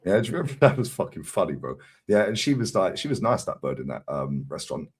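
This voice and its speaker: A man with a low, husky voice tells stories loudly and with a lot of swearing. He is animated and blunt, laughing between lines in casual stream chat. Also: quick pace. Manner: loud, profane, animated storytelling.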